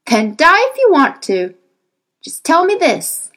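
A woman playing a rough-spoken male frontier gunman in an audiobook, talking brusquely. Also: high voice, wildly swooping pitch, takes it slowly, a bit bright, voice pushed up, heavily acted. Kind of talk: audiobook character reading.

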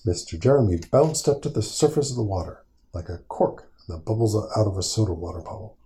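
A man reading a picture book aloud to his small child at bedtime, gentle and patient, stopping to answer questions. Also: on the low side, lively intonation, a little fast. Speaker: father reading a bedtime story.

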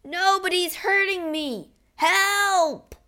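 A woman voicing a huge, cruel one-eyed male giant with a booming, gloating manner in a storybook reading. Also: lively intonation, takes it slowly, fairly bright tone. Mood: anguished.

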